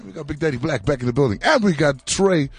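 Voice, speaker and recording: A man's voice: fairly high pitch, fast, slightly rough, soft background music. A man from Zimbabwe co-hosting a radio talk show in casual, boastful banter. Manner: boastful, animated, slangy. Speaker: podcast co-host.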